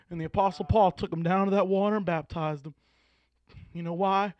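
High-voiced man preaching with fervor. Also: steady tone, fairly quick, no echo. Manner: storytelling, swings from hushed to shouting. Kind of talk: sermon.

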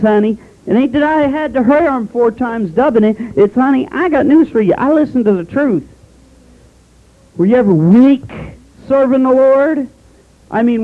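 A Southern American preacher man with a very high voice, delivering a sermon. He is folksy and calls the congregation honey while hammering them with rhetorical questions. The sound is a dull, lo-fi tape recording.

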